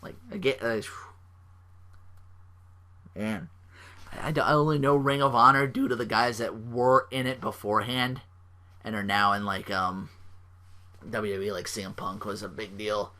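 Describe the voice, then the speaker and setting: A man's voice: lowish voice, fairly even intonation, normal speed, pauses often, pushed and bright. A man hosting a solo podcast, rambling with lots of "like" fillers and restarts. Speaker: podcast host.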